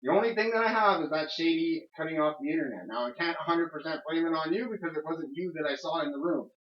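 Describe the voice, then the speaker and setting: A man's voice: fairly high pitch, quick pace, reverberant, highs cut off. A man, a tenant, rambling and swearing as he airs complaints, repeatedly asking "you know what I mean". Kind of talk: heated casual conversation. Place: apartment, indoors.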